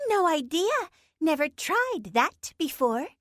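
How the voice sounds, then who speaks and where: A woman's voice: sits high, big pitch swings, takes it slowly, fairly bright tone, no room sound, studio quality, voice pushed up, heavily acted. A woman voicing a cheeky, blunt young female pixie who talks in a chirpy, offhand way. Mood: perky.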